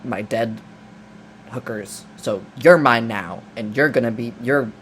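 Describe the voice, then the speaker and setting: A man's voice: medium pitch, slow, fairly bright tone, slight background noise. A man voicing a possessive, menacing male pimp, stammering his claims.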